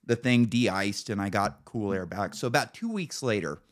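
Low-voiced American man telling stories. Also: animated, normal speed. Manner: profane, storytelling with acted-out quotes. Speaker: podcast host. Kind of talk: casual chat.

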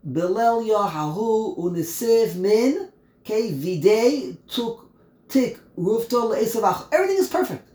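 A man teaching a text study class, explaining word by word, animated and emphatic, often repeating himself. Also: high-pitched, reverberant. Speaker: Torah teacher.

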